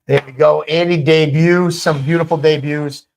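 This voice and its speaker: A male co-host talks loosely through award picks, his voice sitting a little high. He wanders in his thoughts and fills the gaps with easy chatter. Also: moderate pace, gravelly. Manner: relaxed, rambling, with fillers. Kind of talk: casual awards-show chat.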